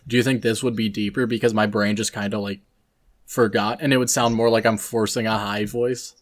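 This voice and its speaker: A young man chats on a casual podcast in a slightly low voice. He rambles and muses with plenty of "like" and "right?" thrown in. The talk is loose and unscripted. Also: steady tone, fairly quick. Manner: rambling, filler-heavy, musing. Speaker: podcast co-host. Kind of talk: casual chat.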